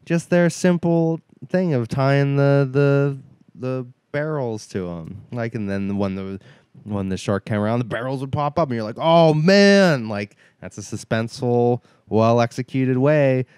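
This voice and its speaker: A man chatting casually as co-host of a movie review show. He rambles, laughs, and acts out mocking lines from films. His voice is smooth and resonant, recorded close and dry. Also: mid-range voice, unhurried, warm tone, no room sound. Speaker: podcast co-host.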